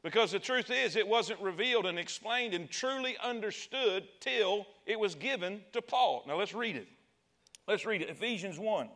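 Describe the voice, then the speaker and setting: A man preaching a sermon in a folksy, conversational way, repeating words and acting out scenes with excitement. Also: high-pitched, moderate pace.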